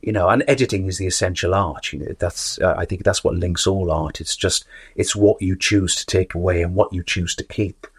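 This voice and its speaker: A man with a low, husky voice speaks as an interview guest. He talks thoughtfully, circling and repeating words as he searches for how to put things. He sounds like an actor and teacher reflecting on his craft. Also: brisk.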